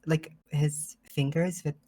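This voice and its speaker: A woman takes part in a tabletop role-playing game, speaking slowly and deliberately in character. Her voice is very low and dark, with a mellow tone. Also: level tone. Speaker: player.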